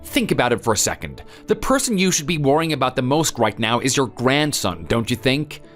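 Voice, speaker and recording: A man's voice: mid-range voice, sing-song, fairly quick, fairly bright tone. A man playing a young husband who sounds defensive and whiny. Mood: pleading. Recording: faint background music.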